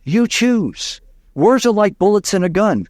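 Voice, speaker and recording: Man, speaking coach, lively pitch, fairly high voice, dry sound. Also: measured pace, no room sound. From Louisiana. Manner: expressive, emphatic, repeats key lines. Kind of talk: interview storytelling.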